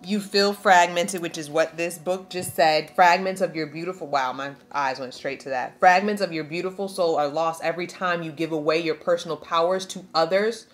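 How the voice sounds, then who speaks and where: A woman's voice: on the low side, steady tone, normal speed, hardly any pauses. Emphatic woman giving a spiritual tarot reading. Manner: emphatic, preachy, slangy, reads aloud from a card book. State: tearful. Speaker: tarot reader.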